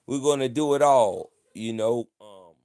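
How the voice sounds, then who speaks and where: Male livestream host, playful and boastful, fond of repeating himself, mid-pitched voice. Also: unhurried, warm tone, smooth. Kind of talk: casual livestream chat.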